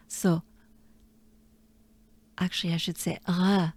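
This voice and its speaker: A woman from France with a French accent, teaching pronunciation slowly and repeating each sound several times, sometimes in a whisper. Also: on the low side, level tone, darkish tone, no echo. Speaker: pronunciation coach. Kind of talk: pronunciation lesson.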